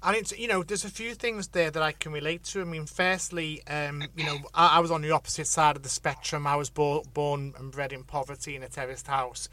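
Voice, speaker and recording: A man with a Liverpool accent hosts a radio show from a studio. His voice is bright and sits a little high. He talks in a reflective, easygoing way with plenty of fillers. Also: fairly even intonation, a little fast, hardly any pauses. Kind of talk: casual interview chat.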